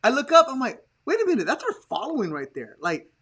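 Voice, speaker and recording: A man hosting a casual podcast chat, telling stories in an animated way and acting out the people he quotes. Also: very high-pitched, fast, crowd noise. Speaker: podcast host.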